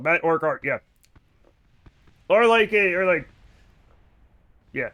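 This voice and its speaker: Slow-paced but lively, a man chats with his viewers while streaming a game, cracking jokes and cursing casually. His voice is high, with a bright, forward sound.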